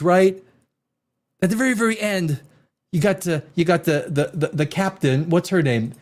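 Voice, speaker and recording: A man hosting a casual live-stream TV review, rambling and exasperated, with sarcastic asides. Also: sits high. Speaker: TV show reviewer, host.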